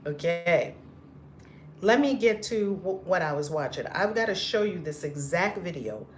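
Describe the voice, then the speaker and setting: A woman's voice: lowish voice, very animated, moderate pace, a little hiss or hum. A woman hosting a live stream, chatting casually and effusively with viewers, greeting them by name and laughing often. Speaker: livestream host.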